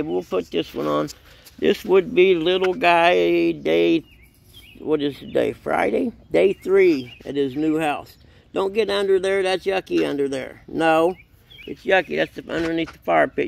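Gravelly man cooing at his puppy. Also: a little high, fairly even intonation, unhurried. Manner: playful baby talk to a dog. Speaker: dog owner filming his puppy. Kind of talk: casual vlog narration. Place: outdoors in a backyard.

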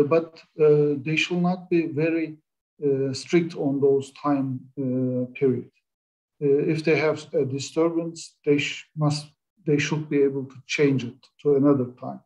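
A middle-aged man speaking as a panelist in an online webinar, pausing often with "uh" as he talks. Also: medium pitch, mellow, rough recording. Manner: hesitant, many "uh" fillers.

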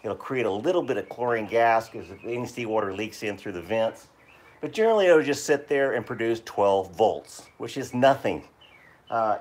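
A man's voice: medium pitch, darkish tone. A middle-aged man hosting a live stream, talking casually and bluntly, swearing and joking as he explains his boat work.

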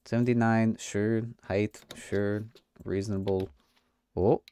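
With a fairly low, dark, clear, and resonant voice, a man delivers comedic let's play commentary slowly and in a level tone. He puts on a mock foreign accent, jokes as a faux-official inspector, and swears.

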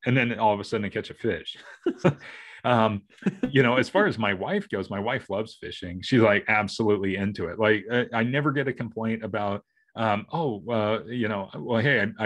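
Low-voiced middle-aged man, rambling. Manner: rambling, restarting, acting out family members' lines. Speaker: podcast co-host. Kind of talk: casual chat.

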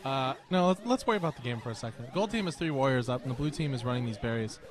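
A man's voice: mid-range voice, lively intonation, rapid-fire, crowd noise. A young man doing casual, dry, joking commentary on a video game tournament. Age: young adult.

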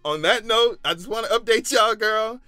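A man giving casual reaction commentary, sassy and profane, breaking into high-pitched exclamations. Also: moderate pace, sharp tone, no room sound. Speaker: commentary vlogger.

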